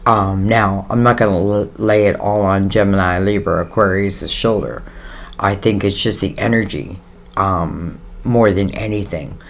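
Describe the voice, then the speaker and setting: A man's voice: low-pitched, fairly even intonation, a little slow, gravelly, slight background noise. Rambling man giving a tarot reading. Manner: rambling, conversational, many fillers; reassuring, speaks straight to the listener. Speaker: tarot reader.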